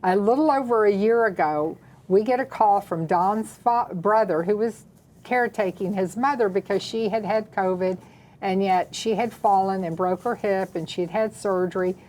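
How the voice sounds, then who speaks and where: A woman from the American South tells a story on a talk show. Her delivery is animated and dramatic. She speaks in an easy, conversational way as a co-host. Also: mid-range voice, moderate pace. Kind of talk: casual storytelling chat.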